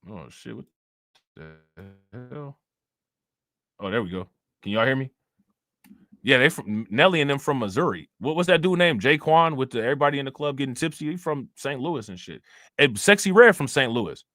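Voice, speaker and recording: A man's voice: medium pitch, expressive, normal speed, pauses often, a bit bright. A young man hosting a live stream, chatting in a loose, rambling and profane way while answering his chat. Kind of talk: casual live-stream commentary.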